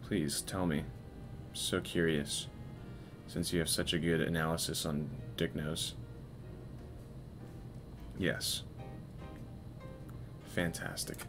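A man's voice: a bass voice, little pitch movement, takes it slowly, long pauses, music in the background. A man hosting a live stream, chatting casually and playfully with viewers while he works. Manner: playful, teasing, talks to chat while working.

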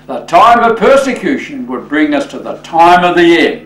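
A male pastor preaching a sermon, slow and emphatic, often addressing listeners as friends. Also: fairly high pitch, sing-song, echoey room, far from the mic, rough recording.

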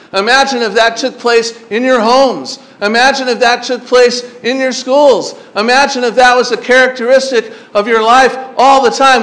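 High-pitched male pastor, animated storyteller, preaching to teens. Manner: animated storytelling, acts out his younger self; asks the crowd questions. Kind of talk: sermon to teen campers.

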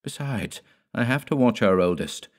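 A man voicing an anxious young village wife in an audiobook, speaking low and pleadingly. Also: expressive, moderate pace, lightly acted.

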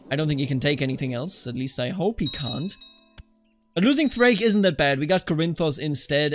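A man from Bavaria commentating his own strategy game session, reacting with loud dismay and then resolve when things go wrong. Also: fairly high pitch. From Bavaria, Germany. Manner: animated, reacts loudly to setbacks. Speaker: let's play commentator. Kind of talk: live gameplay commentary.

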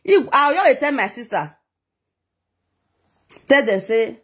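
A woman's voice: high voice, big pitch swings, slow, long pauses, a bit bright, breathy edge. A woman vlogger telling a story in Nigerian Pidgin, talking dramatically and emotionally, with a scolding edge. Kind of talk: animated gist monologue.

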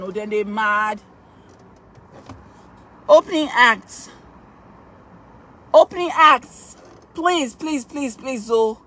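Pleading, excitable Nigerian woman, high voice. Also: takes it slowly, long pauses, slightly rough. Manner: emotional, pleading, repeats words, laughs often. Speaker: live streamer asking fans for votes. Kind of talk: excited live-stream chat.

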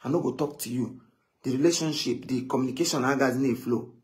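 A man telling stories in a casual live chat, animated and often quoting others. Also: medium pitch, quick pace. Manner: animated, switching between English and Igbo, quoting others.

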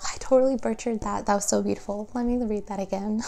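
A woman who reads tarot, reading passages aloud from a guidebook and reflecting on them in a gentle, earnest way. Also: medium pitch, steady tone, normal speed, creaky, pauses often. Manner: gentle, earnest, easily moved. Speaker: tarot reader.

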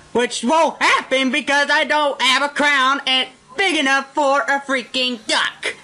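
A man panicking and raging with heavy cursing while playing a horror game, hoarse from screaming. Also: extremely high pitch, bright, forceful tone. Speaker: gaming channel host. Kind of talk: horror game let's play commentary.

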